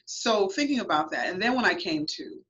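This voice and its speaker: A woman's voice: mid-range voice, lively intonation, a little fast, a bit bright. A woman guest on a radio talk show, telling her own story in an earnest, emphatic way. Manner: earnest, emphatic, reenacts her past thoughts. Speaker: guest author. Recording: lo-fi radio audio.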